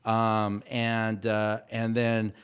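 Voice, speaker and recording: Smooth-voiced man telling stories. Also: on the low side, completely flat delivery. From Mexican heritage. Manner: storytelling, halting with many restarts. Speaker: guest, cultural consultant for an animated show. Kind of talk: casual podcast interview.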